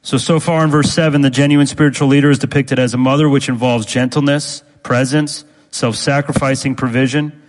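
A man preaching a sermon as pastor, speaking deliberately and repeating key phrases for emphasis. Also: medium pitch, steady tone, long reverb tail, low-quality recording.

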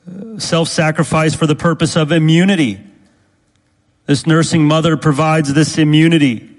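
A man preaching a sermon as pastor, speaking deliberately and repeating key phrases for emphasis. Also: fairly high pitch, big-room sound, poor audio.

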